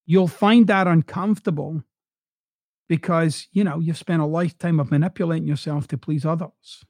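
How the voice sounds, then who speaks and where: A Scottish man with a softened Glasgow accent talks straight to his podcast listeners in a blunt, coaching way, swearing as he goes. His voice sits high for a man with a gravelly fry. The sound is close and dry. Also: steady tone, normal speed, no room sound. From Scotland. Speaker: podcast host. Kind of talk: motivational podcast monologue.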